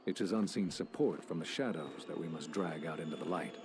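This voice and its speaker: An actor playing a calm, scheming royal advisor in a video game, speaking in a measured, formal way. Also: male voice, a bass voice. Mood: grave. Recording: game audio with background noise.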